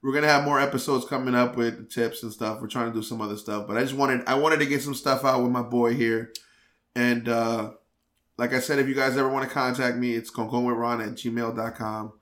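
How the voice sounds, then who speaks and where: A man's voice: mid-range voice, steady tone, a little fast, a bit bright, reverberant. Guy hosting his podcast, rambly, teasing his buddy, mid voice. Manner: rambling, stumbling restarts, playful teasing. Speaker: podcast host. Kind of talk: casual podcast chat.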